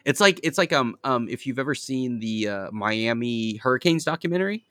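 A man co-hosting a podcast, telling animated, profane stories with frequent laughter. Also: mid-range voice, brisk, no echo. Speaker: podcast co-host. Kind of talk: casual chat.

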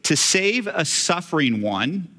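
A man's voice: on the high side, sing-song, slow, bright, forceful tone, in a large hall. A man preaching a sermon, conversational and self-deprecating, with friendly asides to the congregation. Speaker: pastor.

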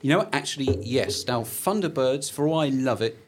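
A man chatting on a podcast, animated and jokey, acting out characters' lines in playful voices. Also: medium pitch, moderate pace, noisy background. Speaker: podcast guest. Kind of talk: casual chat.

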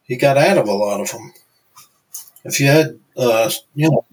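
A man co-hosting a sports history podcast in a measured, conversational way, often saying "you know". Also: mid-range voice, low-quality recording. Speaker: podcast co-host. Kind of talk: casual sports chat.

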